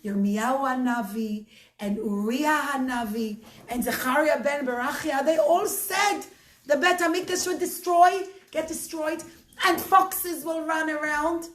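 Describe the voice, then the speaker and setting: A wise old rabbi speaks calmly and reassuringly, as a woman storyteller acts him out. Her high voice has a roomy echo around it. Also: a little slow. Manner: calm, reassuring.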